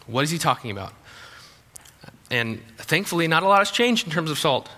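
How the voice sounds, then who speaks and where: Preaching in a big hall that adds a long reverb, a pastor speaks a little fast and expressively, his slightly high voice sharp and very bright. He keeps things conversational, restarting phrases and dropping in humorous asides.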